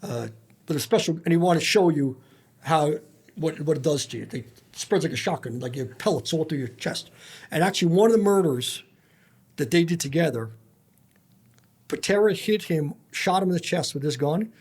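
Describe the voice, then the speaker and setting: A man's voice: on the high side, lively intonation, moderate pace, a little mellow, breathy edge. A man, a former federal agent, telling blunt and profane stories full of quoted dialogue as a podcast guest. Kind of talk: storytelling in a casual interview.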